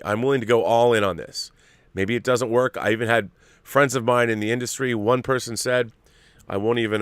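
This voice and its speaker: A man hosting his show, talking casually about a movie trailer, animated, with many fillers and repeated words. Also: lowish voice, dry recording. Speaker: show host.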